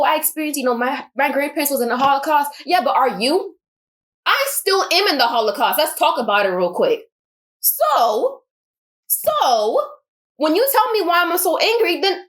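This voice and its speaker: High-voiced woman on a fired-up rant, hammering each point home again and again. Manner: emphatic, repeats points for force. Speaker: vlogger. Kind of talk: impassioned personal monologue.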